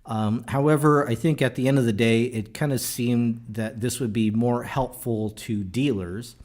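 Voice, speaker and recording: A man hosting a podcast, talking in a casual, animated and jokey way with many fillers and restarts. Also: medium pitch, normal speed. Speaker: podcast host.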